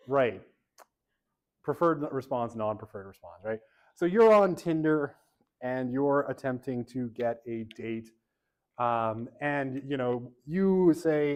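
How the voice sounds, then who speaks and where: A man's voice: medium pitch, animated, takes it slowly, long pauses, dull audio. A man lecturing a university class in a casual, chatty way, often checking in with "right?" and poking fun at his own habits. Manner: chatty, self-deprecating, fills with "right?" and "okay".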